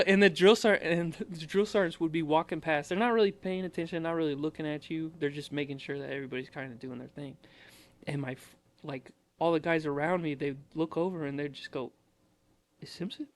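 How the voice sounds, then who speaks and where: A young man in his twenties tells army stories casually and keeps cracking himself up. His voice sits a little high. The recording is dry and close. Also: dry recording. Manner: animated, often breaking into laughter. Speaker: podcast guest, Army veteran. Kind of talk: casual storytelling.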